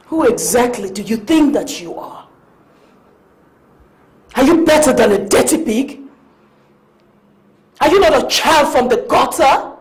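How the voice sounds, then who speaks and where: A woman's voice: on the high side, dark tone, roomy sound, far from the mic, lightly acted, rough recording. An actress playing a haughty, jealous queen who gives orders in an imperious, scornful way.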